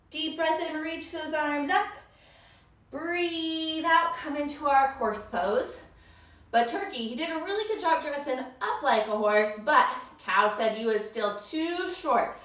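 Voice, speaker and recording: Bouncy high-voiced kids yoga teacher. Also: female voice, echoey room, recorded from a distance. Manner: encouraging, asks the children questions and praises them. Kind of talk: storytime yoga lesson for children.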